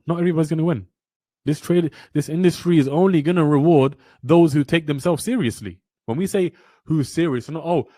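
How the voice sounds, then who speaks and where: A man's voice: mid-range voice, mellow, no room sound. A young man teaching a trading webinar. He is blunt and preachy, speaks with passion and repeats lines for emphasis. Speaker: trading mentor. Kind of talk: motivational webinar lecture.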